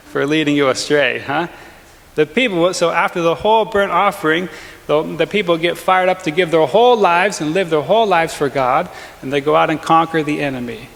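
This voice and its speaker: A male pastor giving a lively, conversational sermon with quick asides and chuckles, in a church. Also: a little high, vocal fry. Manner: energetic, conversational preaching with frequent asides and laughs. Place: large church. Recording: long hall reverb in church.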